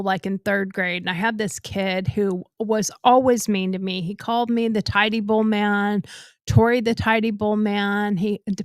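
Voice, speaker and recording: A woman co-hosting a talk podcast, telling a personal story in a blunt, animated way. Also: mid-range voice, no echo, studio quality. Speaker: podcast co-host. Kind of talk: casual storytelling.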